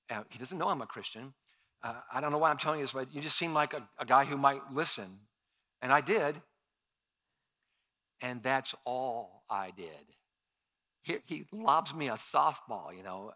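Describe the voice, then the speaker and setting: A male pastor preaching a sermon, telling personal stories and acting out his own past lines with animated shifts. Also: mid-range voice, moderate pace, long pauses. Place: church sanctuary.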